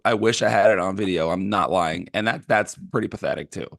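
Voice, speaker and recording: Gravelly New man telling sports stories. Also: moderate pace, hardly any pauses, no echo, studio quality. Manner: animated storytelling, acting out fans with sudden high yells. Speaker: podcast co-host. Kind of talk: casual sports chat.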